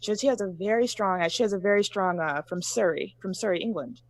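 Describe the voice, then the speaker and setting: A woman in a casual panel discussion, telling personal stories in a measured way, pausing often. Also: medium pitch.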